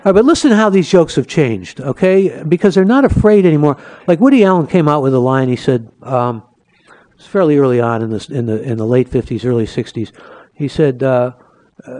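A man's voice: mid-range voice, dark tone. A man, an author giving a talk about his book, telling jokes and anecdotes and acting them out with voices. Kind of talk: lecture with joke-telling.

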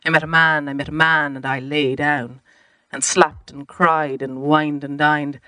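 A woman's voice: sits low, little pitch movement, a little slow, sharp tone, no echo. A woman reading aloud as a young woman recalling men, in a rhythmic, incantatory way. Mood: raw incantatory.

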